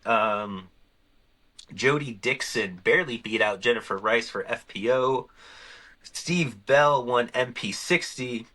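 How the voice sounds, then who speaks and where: A man's voice: medium pitch, takes it slowly. A man hosting a podcast, telling stories in a loose, chatty way and acting out the conversations. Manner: animated storyteller acting out conversations. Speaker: podcast host. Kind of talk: casual podcast chat.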